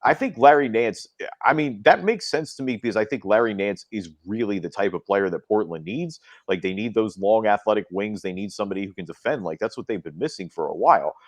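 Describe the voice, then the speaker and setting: A young man with a low voice co-hosts a laid-back sports podcast. He tells stories with animated swings in pitch, acting out what other people said. The sound is close and dry, with no room behind it. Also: a little fast, dry recording. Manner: animated storyteller, acts out quoted dialogue with big pitch jumps. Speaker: podcast co-host. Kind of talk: casual sports podcast chat.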